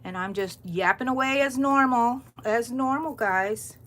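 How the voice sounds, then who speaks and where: A woman's voice: a little high, measured pace, a bit bright. A middle-aged woman hosting a crochet livestream from her home, rambling and greeting viewers by name. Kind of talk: chatty live-stream talk to viewers. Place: home room, overcast morning.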